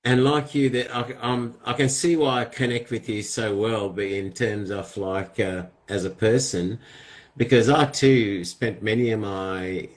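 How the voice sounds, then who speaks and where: A male podcast host with a somewhat low voice speaks in a reflective, unhurried way. He often pauses and hedges with fillers as he thinks out loud. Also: steady tone. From grew up partly in the tropics, then Australia. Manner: reflective, hesitant with many fillers. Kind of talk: casual conversation.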